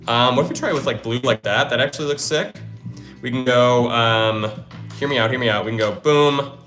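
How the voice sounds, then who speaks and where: A man's voice: mid-range voice, a little fast, pushed and bright. A young man hosting a casual live stream, thinking aloud while he solves puzzles and hyping himself up when they click. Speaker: livestream host. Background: faint lo-fi music.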